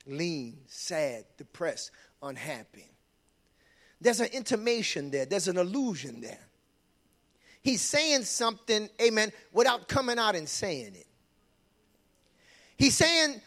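Male pastor, fairly high voice, sermon that climbs from easy talk into loud fervent preaching. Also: big pitch swings, unhurried. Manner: builds from low conversational talk to loud high-pitched preaching, frequent amens.

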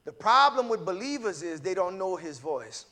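A man preaching at a church service in a very high, soaring voice that swings wildly up and down. He calls out for the congregation to answer back, drops into easy, chatty asides, then bursts into shouting. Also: very animated, normal speed. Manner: call-and-response, bursts into shouting; casual conversational preaching with laughter. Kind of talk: sermon.

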